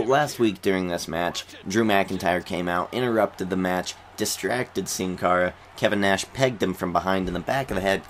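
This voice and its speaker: A man giving rambling, chatty commentary over footage of his wrestling game, self-deprecating as he talks. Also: low-pitched. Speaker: wrestling game video creator. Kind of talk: casual commentary over gameplay.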